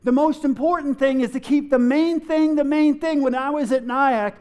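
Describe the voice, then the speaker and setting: A middle-aged pastor with a strikingly high voice delivers an emphatic sermon. He talks straight to his congregation and drives his points home. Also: moderate pace, darkish tone. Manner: storytelling, emphatic, addresses the congregation. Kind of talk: sermon with a joke.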